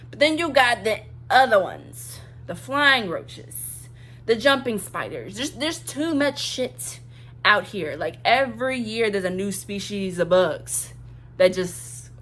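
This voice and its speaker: A woman's voice: mid-range voice, a bit bright. A young woman from Louisiana with a Southern accent, chatting bluntly and profanely to camera in a vlog, hammering points home with repetition. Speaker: vlogger. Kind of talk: casual chat to camera.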